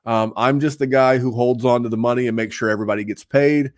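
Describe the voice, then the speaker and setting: A man's voice: mid-range voice, steady tone, fast, no echo, clean studio sound. A man hosting a fantasy football podcast in casual chat, rambling with fillers and restarts. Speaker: podcast host.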